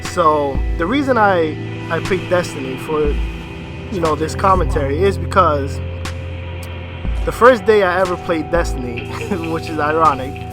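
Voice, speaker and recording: A man's voice: on the high side, unhurried. A young man hosting his own gaming channel, telling a personal story over live gameplay commentary in a casual, rambling way and stumbling over his words. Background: music.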